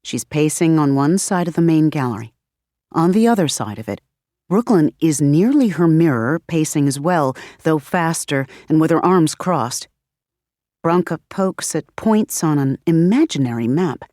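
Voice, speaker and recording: A woman narrating an audiobook in a steady, measured storytelling manner. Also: low voice, dry recording, studio quality. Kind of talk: scripted narration.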